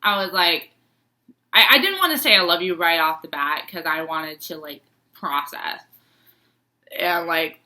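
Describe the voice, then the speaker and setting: A woman's voice: on the low side, lively intonation, a little slow, pauses often, bright, forceful tone. A young adult woman casually telling a personal story to camera, chatty, with many fillers and acted-out quotes. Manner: chatty, lots of fillers and quoted reactions, laughs often.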